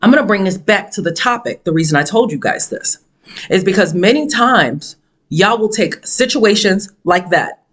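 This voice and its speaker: Woman doing a motivational storytime, big dramatic pitch jumps, kinda preachy and emphatic. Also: lively intonation, normal speed, fairly bright tone. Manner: emphatic, preachy delivery with repetition. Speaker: motivational speaker. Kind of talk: storytelling monologue.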